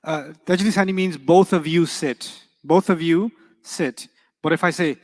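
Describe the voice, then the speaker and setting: A man with a high voice leads a classroom grammar lesson, firing quick questions at his students and teasing them playfully. His voice rings with a long hall reverb. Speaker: Arabic teacher.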